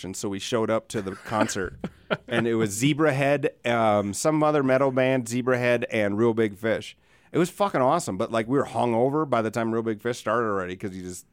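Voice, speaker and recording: A man's voice: medium pitch, dry recording. A middle-aged man hosting a podcast, telling rambling stories with plenty of swearing and laughter, recorded on a studio microphone. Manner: profane, rambling, laughing often. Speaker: podcast host. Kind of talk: casual storytelling chat.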